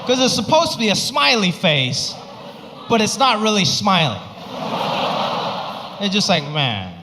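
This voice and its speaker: A male stand-up comedian performing his set on a comedy club stage into a handheld mic, animated and acting out voices. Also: high-pitched, a little slow, very noisy. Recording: echoey club with faint crowd.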